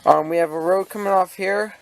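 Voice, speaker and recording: A man's voice: high-pitched, steady tone, a little fast. A young American man ranting casually about railroads, rambling and indignant, with many fillers and restarts, filmed on a handheld camera in his model railroad room at home. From United States. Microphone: handheld camera mic.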